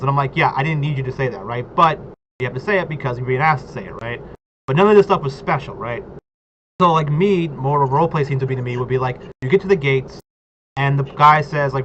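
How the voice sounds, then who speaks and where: A man's voice: mid-range voice, fast, fairly bright tone. Rambling man, lo-fi noisy recording. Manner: rambling, fills talk with "like" and "right?". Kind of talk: casual chat about tabletop role-play. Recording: dull lo-fi audio with clear background noise.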